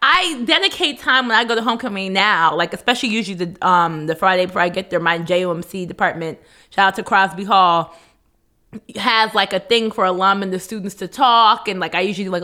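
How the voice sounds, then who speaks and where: A young woman co-hosting a casual chat, playful and quick to laugh as she tells stories. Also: medium pitch, sharp tone. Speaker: podcast co-host.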